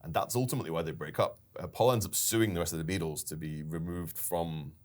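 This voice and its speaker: A man co-hosting a casual business chat, telling stories in an animated way and laughing now and then. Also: deep voice, quick pace. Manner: storytelling, animated retelling with laughs. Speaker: company founder and podcast co-host.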